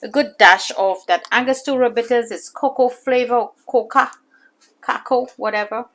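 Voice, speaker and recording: A woman's voice: a little high, normal speed, fairly bright tone. A woman from the islands, chatting casually through a cooking demonstration and calling her viewers foodies, in a home kitchen. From Caribbean islands. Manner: chatty, addresses viewers as foodies, pleading emphasis. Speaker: cooking channel host.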